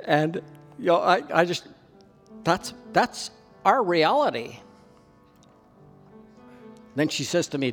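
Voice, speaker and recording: Soft background music accompanies a Canadian pastor's sermon, recorded in a church hall with long reverb. Speaking a little slowly with long pauses, he shares a personal story earnestly in an animated, rather high voice that rises to stress key points.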